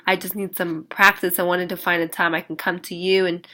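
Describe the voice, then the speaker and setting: Female sales trainee, bright voice, earnest, slightly hesitant delivery. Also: on the low side, level tone, a little fast. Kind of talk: role-play practice.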